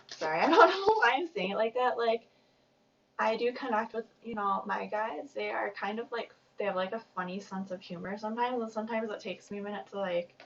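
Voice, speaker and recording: Woman tarot reader, gravelly, rambling and chatty, recorded dull from a distance. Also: mid-range voice, moderate pace, long pauses, fairly bright tone. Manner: rambling, chatty, self-conscious. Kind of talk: casual tarot reading.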